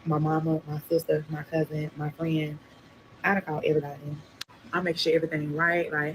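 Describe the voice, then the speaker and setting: A young adult woman telling a casual storytime on a livestream, animated and acting out the voices of people in her story. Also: sits low, brisk, slight background noise, low-quality recording. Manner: animated, acts out quoted voices. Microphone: livestream computer mic.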